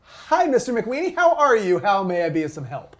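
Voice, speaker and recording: Man acting as nervous commissioner, comedy sketch, fawning, shrill when flustered. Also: normal speed, close to an everyday voice. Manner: snaps angrily, then turns shrill and fawning.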